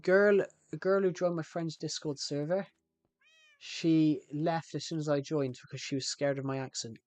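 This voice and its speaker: A man's voice: fairly high pitch, fairly even intonation, normal speed, a little mellow, dry recording. A young man with a West Country accent, chatting casually on a live stream, rambling and repeating himself with frequent restarts. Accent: West Country English.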